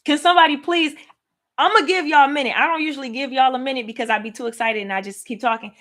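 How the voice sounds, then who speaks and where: A woman hosting a livestream Bible study, teaching in an excited, casual way and talking straight to her viewers. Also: high-pitched, fast talker. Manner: animated, laughing, talks to viewers as y'all.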